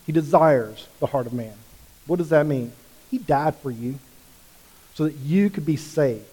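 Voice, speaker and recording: A male pastor delivers a sermon, pushing his fairly high voice into loud, fervent peaks before dropping back to near-quiet appeals. The sound carries a long reverb, as if from a large church hall. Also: animated, a little slow, breathy edge. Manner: preaching with rising emphatic passion, swinging from soft to loud.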